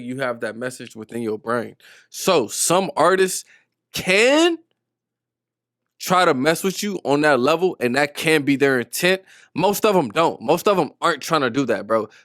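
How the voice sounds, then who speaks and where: A young man hosting a reaction video, talking in loose slangy chat that jumps into high mocking voices. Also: fairly bright tone, dry recording, clean studio sound. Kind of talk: casual reaction commentary.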